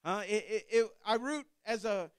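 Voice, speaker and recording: A pastor in his thirties from Ohio, USA, preaches a sermon at a moderate pace in a very high, crisp voice. He shifts from loose, conversational storytelling full of restarts and fillers into fervent preaching. The recording is close and dry, with no room echo.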